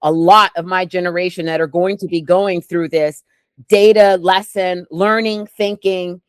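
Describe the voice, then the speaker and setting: A woman's voice: on the low side, fairly even intonation, unhurried, clean tone, no room sound. A woman co-hosting a casual talk show, telling stories animatedly with acted-out quotes. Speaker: co-host. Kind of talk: casual chat.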